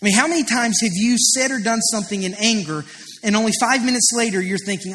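A pastor in his thirties delivers an earnest, confessional sermon. His high voice climbs as he stresses a point. The sound rings with the long reverb of a big church hall. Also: fast, fairly bright tone. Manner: earnest, confessional, storytelling with rising emphasis. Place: church auditorium. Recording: preached in a large reverberant hall.

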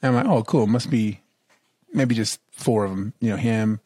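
A man co-hosting a podcast, joking and telling animated stories in casual banter. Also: on the low side, moderate pace, breathy edge, dry recording, studio quality. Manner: jokey, boastful, animated storyteller. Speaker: podcast co-host.

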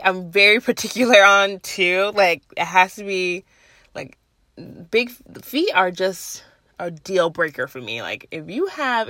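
A woman's voice: medium pitch, bright, forceful tone, dry recording. A young woman chatting casually to camera, blunt and profane, often laughing at herself mid-sentence.

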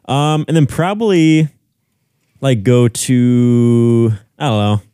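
A man's voice: mid-range voice, takes it slowly, mellow, clean tone, no echo, studio quality. A young man co-hosting a podcast, laid back and hesitant, with lots of fillers. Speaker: podcast co-host. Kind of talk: casual chat.

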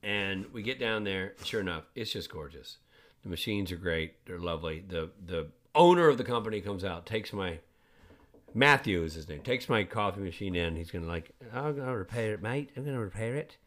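A podcast co-host, a man, tells stories in a casual chat at normal speed. He's a lively, animated storyteller who acts out quotes with big jumps in pitch.

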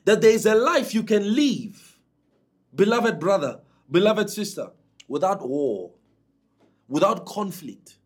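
Man preaching, high voice, husky, swoops way up and down. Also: sing-song, takes it slowly. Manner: emphatic preaching with dramatic pitch swings. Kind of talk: sermon.

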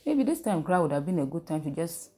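A woman leads a Bible lesson and keeps asking her listeners questions so they answer back. Her voice sits low and sounds mellow and warm. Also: sing-song, fast. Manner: call-and-response, asks the listeners questions. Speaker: preacher. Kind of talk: interactive Bible teaching.

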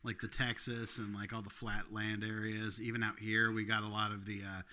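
Podcast co-host, male, very bright tone, rambling delivery full of fillers and laughs. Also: lowish voice, flat delivery, moderate pace. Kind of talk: casual chat.

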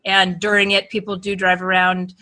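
A woman's voice: medium pitch, monotone, pushed and bright. A woman from Wisconsin with an Upper Midwest accent, a podcast guest in casual chat who rambles and restarts her sentences. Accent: Upper Midwest American. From Wisconsin, USA. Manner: rambling, halting, many restarts.

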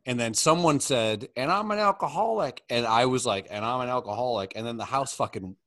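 A man's voice: mid-range voice, brisk, fairly bright tone, no echo. A middle-aged man chatting casually and crudely with friends, rambling through stories and reading a roast speech aloud.

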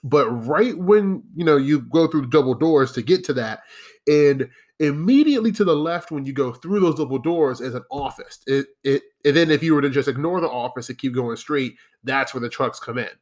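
A man's voice: medium pitch, lively intonation, normal speed, a little mellow. A man hosting a podcast, telling rambling, profane, self-deprecating stories in a casual monologue. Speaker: podcast host.

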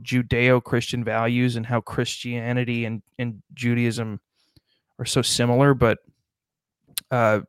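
A man's voice: mid-range voice, clean tone, no room sound, clean studio sound. A man co-hosting a podcast in casual comedic chat, riffing and swearing freely. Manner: riffing, profane, does quick mock voices. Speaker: podcast co-host.

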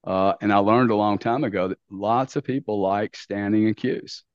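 A man's voice: fairly low pitch, moderate pace, no room sound. A middle-aged man, telling stories as a podcast guest in a brash, blunt way, full of slang and swearing. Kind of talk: casual storytelling interview. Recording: dull dry lo-fi sound.

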